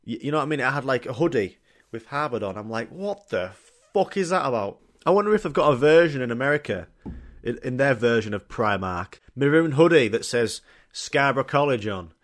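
A man's voice: mid-range voice, fairly bright tone. A young man, telling rambling, sweary, jokey stories on his own podcast. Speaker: podcast host. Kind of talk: casual solo podcast storytelling.

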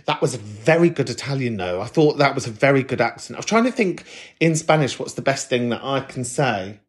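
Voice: medium pitch, expressive, brisk. A podcast host with a common British accent, chatting casually and swearing freely while rambling. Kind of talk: casual chat.

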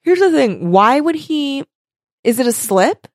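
A podcast co-host recaps a TV episode in casual chat, her high voice very animated but measured in pace. She's chatty, full of ums and likes, and swears casually. The recording is studio quality with no room sound.

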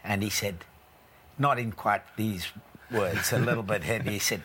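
A man's voice: lowish voice, moderate pace, sharp tone, a little hiss or hum. A man guest on a podcast, telling a rambling old story with restarts and chuckles. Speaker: podcast guest, former batsman. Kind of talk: casual chat, anecdote.

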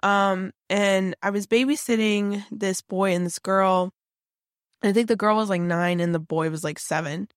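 A woman's voice: medium pitch, fairly even intonation, a little slow, clean tone, no echo, clean studio sound. Chatty woman telling a creepy story. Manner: chatty, many fillers and restarts. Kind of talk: casual spooky storytelling.

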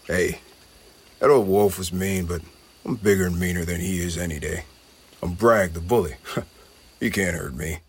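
A man voicing a big young male goblin bully in a storybook, bossy and boastful, with a low, husky voice. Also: normal speed, pauses often. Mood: teasing.

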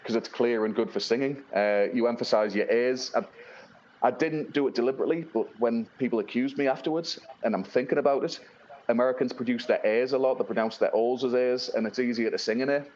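A man's voice: mid-range voice, brisk, darkish tone, lo-fi sound, a little hiss or hum. A man from England, a blues-rock musician, chatting casually in an interview and rambling with many fillers and restarts. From Northeast England.

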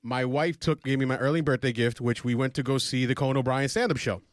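A man co-hosting a casual podcast, talking loudly and rambling with lots of "like"s. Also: mid-range voice, fast, dry recording, studio quality. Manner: loud, animated, rambling with many "like"s. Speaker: podcast co-host. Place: podcast studio in New York.

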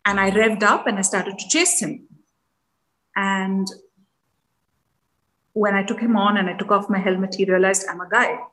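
A woman's voice: normal speed, long pauses, rough recording. A woman, a guest in an interview, telling stories animatedly and acting out the dialogue. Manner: animated storyteller, acting out dialogue with shifts in pitch. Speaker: guest, animal and environmental activist. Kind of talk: conversational storytelling interview.

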